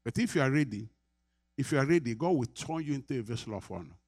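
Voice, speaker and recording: A man's voice: mid-range voice, expressive, fast, darkish tone, no echo, studio quality. A middle-aged Nigerian man preaching a sermon as pastor, earnest, repeating his phrases and laughing often.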